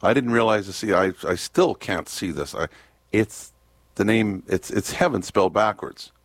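A man's voice: fairly low pitch, moderate pace, dry recording. A man hosting a casual radio chat, easygoing and rambling, often chuckling. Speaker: radio host.

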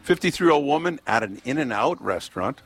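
A man's voice: medium pitch, expressive, a little fast, husky. A man co-hosting a talk show, reading out news items and joking around in casual chat. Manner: rambling, joking, reading news stories aloud. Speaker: radio co-host.

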